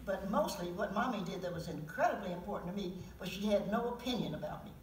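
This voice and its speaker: A woman's voice: mid-range voice, expressive, fast, heavy background noise. A woman in her seventies, a poet telling stories and reading poems to an audience, candid, with chuckling asides. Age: 70s. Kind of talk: storytelling talk with poetry reading. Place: auditorium at a public event. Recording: roomy sound from a distant mic.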